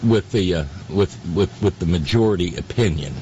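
A man hosting a radio talk show, talking in a halting way full of fillers and restarts, with sardonic asides. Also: deep voice, noisy background. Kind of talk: casual on-air commentary.

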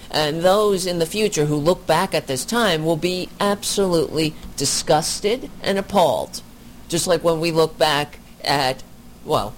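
Brief: slow-talking, indignant voice commenting over a clip, with faint room noise behind. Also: mid-range voice. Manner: indignant, deliberate, swears. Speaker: commentator reacting to a video. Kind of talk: reaction commentary.

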